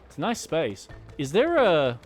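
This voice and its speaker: A man's voice: fairly high pitch, wildly swooping pitch, a little slow. A man streaming a co-op video game, joking and swearing casually as he plays. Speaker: gaming streamer. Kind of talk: casual gameplay commentary. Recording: voice over game music. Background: game music.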